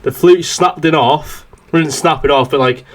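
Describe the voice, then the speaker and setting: A man's voice: a little high, fairly quick. A young man on a podcast, telling a rambling, swear-filled story in casual chat. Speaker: podcast host.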